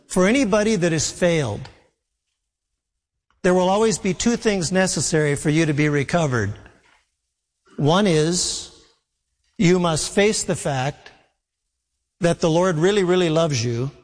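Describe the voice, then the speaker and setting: A man preaching a sermon with earnest emphasis, acting out scripture dialogue in his own voice. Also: fairly high pitch. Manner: earnest preaching, voicing Jesus in quotes. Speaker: pastor. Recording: long hall reverb.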